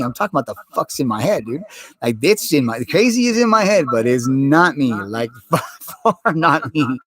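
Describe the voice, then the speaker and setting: A man with a husky, mid-range voice talks directly to the camera, with no room sound in the recording. His personal monologue rambles, full of intensity, profanity, and frequent restarts.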